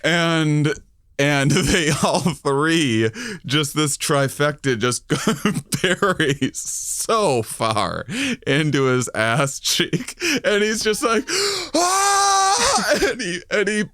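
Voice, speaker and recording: A man's voice: a little high, animated, drawn-out words, fairly bright tone, no echo, studio quality. A man co-hosting a podcast, telling a long comic anecdote and often laughing through it. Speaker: podcast co-host. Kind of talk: comedic storytelling.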